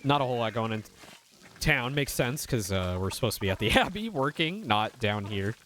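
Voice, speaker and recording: A man's voice: mid-range voice, big pitch swings, normal speed, a bit bright, slight background noise. A young man streaming a story game, chatting casually with playful, chuckling asides and reading the dialogue aloud.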